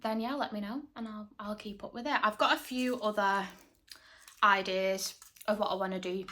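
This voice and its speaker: A woman's voice: mid-range voice, steady tone, moderate pace, a bit bright. A young woman, an online fitness coach, chatting casually to camera at home in a rambling way that repeats itself. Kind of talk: casual vlog chat.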